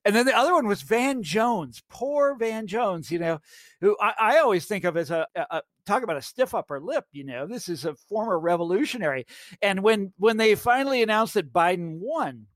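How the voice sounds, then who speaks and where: A man's voice: sits high, animated, moderate pace, no room sound, clean studio sound. A middle-aged American man, a guest writer, talking in a casual podcast interview and rambling with many restarts. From United States. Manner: rambling, restarts often, chuckles at his own stories.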